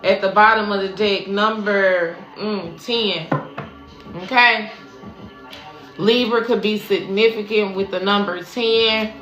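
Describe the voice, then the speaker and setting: A woman's voice: medium pitch, fairly even intonation, takes it slowly, a bit bright. A woman spiritual coach giving a casual, profane livestream tarot reading, preaching and calling her listeners baby. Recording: echoey room with faint music.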